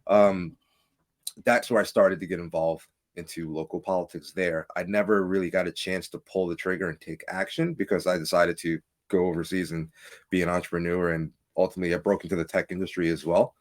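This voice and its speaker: A man, a candidate for local office, talking casually and emphatically in a podcast interview. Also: brisk. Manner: animated, emphatic, rising pitch when making points. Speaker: political candidate, guest.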